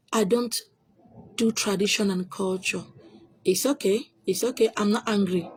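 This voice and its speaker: A woman's voice: medium pitch, darkish tone, slightly rough. A Nigerian woman with a Nigerian accent, a spiritual teacher answering viewer questions on her own video channel in an emphatic, insistent way, repeating her points.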